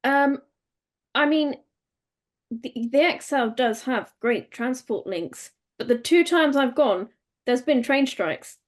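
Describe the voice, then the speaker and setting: A woman's voice: high voice, expressive, slow. A woman co-hosting a casual podcast, chatty and a little hesitant. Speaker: podcast co-host.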